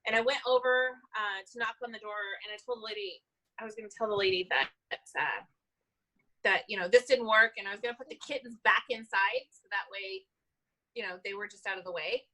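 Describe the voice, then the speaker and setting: A woman, an animal control officer, telling an animated story in a casual interview and laughing often. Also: mid-range voice, fairly quick, poor audio.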